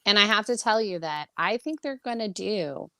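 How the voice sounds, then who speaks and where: A woman co-hosting a casual pop-culture podcast, excitable and quick to laugh. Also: mid-range voice, clear, resonant tone, dry recording, studio quality. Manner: excitable, laughs often, animated. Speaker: podcast co-host.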